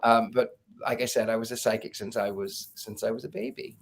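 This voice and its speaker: A man's voice: mid-range voice, a little fast, vocal fry. A man, a psychic guest, telling stories in a casual interview and acting out the people he quotes. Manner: animated storyteller, acts out quoted voices, laughs.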